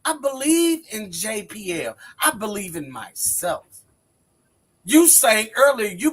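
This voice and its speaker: A man's voice: sits high, very animated, takes it slowly, a bit bright, husky. A man in his forties on a wrestling panel, bantering dramatically and preaching in a mock-wounded tone.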